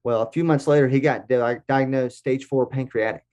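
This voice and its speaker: An American man in his forties, a podcast guest telling lively anecdotes. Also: mid-range voice, moderate pace. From United States. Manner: lively anecdotes with acted-out quotes. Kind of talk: casual storytelling.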